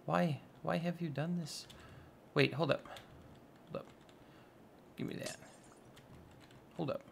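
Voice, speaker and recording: Gravelly-voiced male gaming host, unhurried, joking at his own expense while he plays. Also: fairly high pitch, pushed and bright. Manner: playful, goofy, self-mocking. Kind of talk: casual let's-play commentary.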